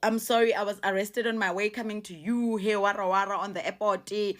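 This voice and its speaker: A woman's voice: medium pitch, steady tone, a little fast, natural voice. Woman quoting a wheedling South African man. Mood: pleading. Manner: wheedling, reassuring, breaks into exclamations. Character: smooth-talking man pleading for money.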